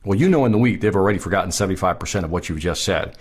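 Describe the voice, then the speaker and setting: A man's voice: deep voice, very fast, breathy edge. A man giving a sales training talk, emphatic, repeating key points and putting questions to the listener.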